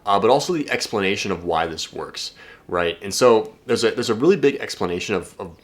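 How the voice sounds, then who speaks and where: Young male dating coach, low voice, blunt, energetic, swears a lot, casual to-camera talk. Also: fairly quick. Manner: energetic, blunt, swears freely, frequent restarts.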